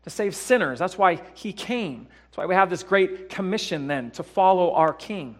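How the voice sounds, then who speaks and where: A man preaching a sermon in a church, dropping to hushed tones and then building to loud, emphatic peaks, with repeated phrases and rhetorical questions. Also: sits high, animated, normal speed. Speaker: pastor.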